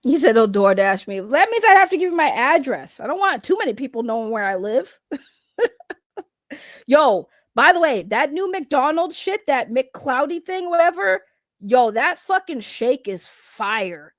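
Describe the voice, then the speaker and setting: A woman with a Boston accent hosting a casual livestream, loud and laughing, swearing as she talks to her chat. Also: high-pitched, sing-song, measured pace, dry recording, clean studio sound. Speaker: livestream host.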